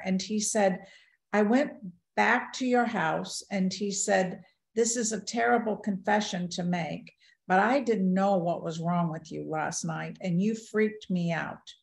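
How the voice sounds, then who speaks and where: A woman's voice: medium pitch, normal speed, vocal fry. Older woman, mid-range voice, storytelling speaker, echoey room. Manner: earnest, quotes dialogue in a lively retelling. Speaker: guest speaker. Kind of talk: personal storytelling talk.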